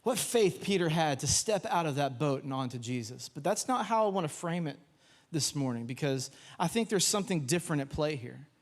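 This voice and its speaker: A young man preaches from a church stage with a slightly high voice. He tells stories in an animated way, acting out the voices and shouting out the quotes. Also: a little fast. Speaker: pastor. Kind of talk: sermon. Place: church sanctuary.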